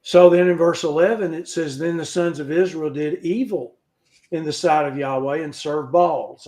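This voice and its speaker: A man teaching an informal scripture lesson over a video call, halting and folksy, with joking asides. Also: on the high side, steady tone, darkish tone. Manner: halting, with frequent restarts. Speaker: Bible study teacher.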